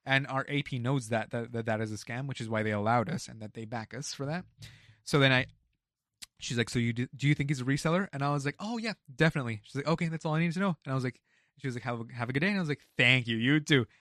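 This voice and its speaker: Young man, rapid retail war story, animated with quotes, dry close sound. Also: medium pitch, dry recording. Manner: animated, acts out quotes, swears freely. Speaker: retail store employee telling a work story. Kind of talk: casual storytelling chat.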